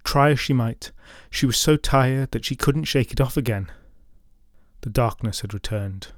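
A man's voice: medium pitch, normal speed, no room sound. Dry-voiced man telling a folk tale wryly. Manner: wry, deadpan asides breaking a dramatic retelling. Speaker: podcast storyteller. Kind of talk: folklore storytelling narration with comic asides.

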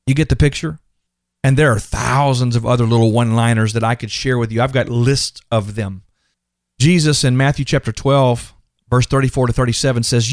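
A man hosting a podcast, giving a faith-based motivational talk and slowing down to stress his key words. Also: mid-range voice, no echo, studio quality. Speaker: podcast host.

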